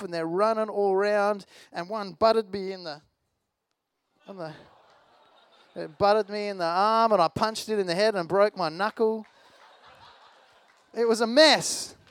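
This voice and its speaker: A man's voice: sits high, fairly even intonation, a little slow, long pauses, a bit bright, clear, resonant tone, no room sound. A man preaching a sermon in a conversational, storytelling way, with a self-deprecating personal anecdote.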